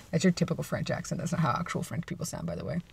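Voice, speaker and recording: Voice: mid-range voice, gravelly, darkish tone, a little hiss or hum. A vlogger chatting casually and playfully from inside a parked car, rambling and laughing at their own jokes. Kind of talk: casual chat.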